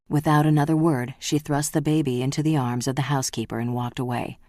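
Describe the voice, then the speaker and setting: Very deep-voiced woman narrating. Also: fairly even intonation, quick pace, a little mellow, no echo, clean studio sound. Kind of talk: audiobook narration.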